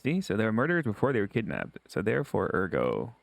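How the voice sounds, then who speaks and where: A man's voice: fairly low pitch, very animated, rapid-fire, gravelly, no room sound. A man streaming, reading a visual novel aloud and joking with his viewers in crude asides.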